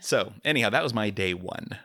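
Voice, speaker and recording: A man chatting casually as a podcast co-host, relaxed and joking, laughing often. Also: on the low side, brisk, no echo, clean studio sound. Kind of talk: casual chat.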